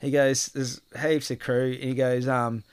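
A man's voice: mid-range voice, measured pace, clean tone, no room sound. Chatty man telling stories. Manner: animated storyteller, acts out quotes, swears casually. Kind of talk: casual chat.

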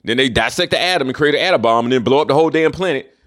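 Male podcast host, solo casual monologue, mid-pitched voice, profane and emphatic. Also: very fast, a bit bright.

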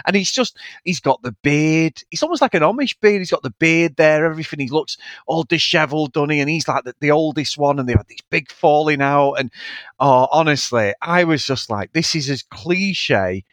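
A man's voice: fairly high pitch, fairly quick, a bit bright, no echo, studio quality. A man co-hosting a film podcast, rambling and swearing freely in casual chat. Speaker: podcast co-host.

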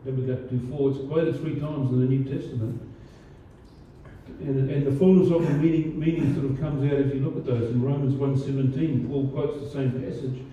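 A man's voice: mid-range voice, fairly even intonation, moderate pace, warm tone, a little hiss or hum. A man preaching a sermon as pastor, talking in a conversational way with many fillers and restarts. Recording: distant, roomy, dull church recording.

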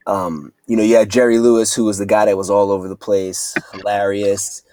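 Low-voiced, earnest male podcast guest. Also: flat delivery, mellow, no room sound. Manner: earnest, reflective, speeds up and slows down mid-thought. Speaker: actor and filmmaker guest. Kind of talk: casual podcast interview.

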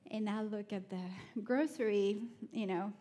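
A woman giving a sermon, telling personal stories in an animated way with laughter and soft, prayerful asides. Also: medium pitch, unhurried. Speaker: speaker at a church.

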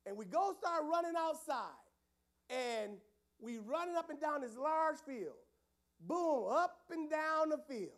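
A youth pastor telling a story to young people in a lively, casual way, with loud outbursts. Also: male voice, extremely high pitch.

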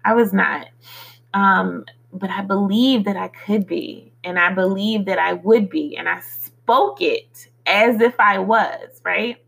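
A woman hosting a motivational podcast, who recites affirmations slowly and earnestly, then talks in a chatty way with fillers. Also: medium pitch, gravelly, a bit bright, husky, low-quality recording. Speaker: podcast host.

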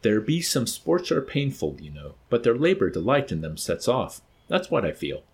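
A man's voice: medium pitch, very animated, moderate pace, a little mellow, husky, full character voice. Man doing a rambling, lovestruck young man. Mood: pleading. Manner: incoherent, pleading, poetic rambling.

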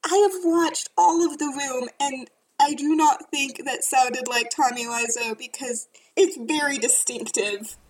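A woman's voice: sits high, a little slow, hardly any pauses, low-quality recording. A woman co-hosting a casual podcast, making dry, matter-of-fact corrections. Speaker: podcast co-host.

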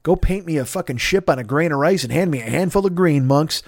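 A man's voice: a little high, animated, fast, a little mellow, no echo, studio quality. A man hosting a podcast, chatting casually and riffing on tangents with crude, jokey humor. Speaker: podcast host. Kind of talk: casual, rambling promo chat.

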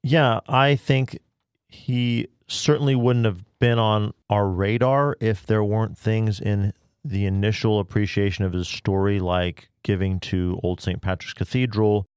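A man's voice: lowish voice, fairly even intonation, a little slow, a little mellow, clear, resonant tone, dry recording, clean studio sound. A man co-hosting a podcast, speaking in a thoughtful, reflective way. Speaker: podcast co-host. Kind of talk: casual discussion.

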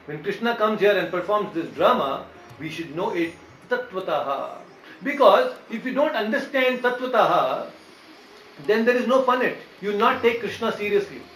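A man's voice: high voice, lively intonation, moderate pace, fairly bright tone, a little hiss or hum. A man giving a devotional lecture, explaining patiently and often checking in with his listeners. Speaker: preacher. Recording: echoey room with faint ambience.

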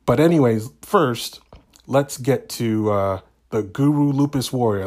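A man's voice: medium pitch, unhurried, darkish tone. A man hosting his own podcast show, talking casually and rambling with lots of fillers and restarts. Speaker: podcast host. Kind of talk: casual solo chat.

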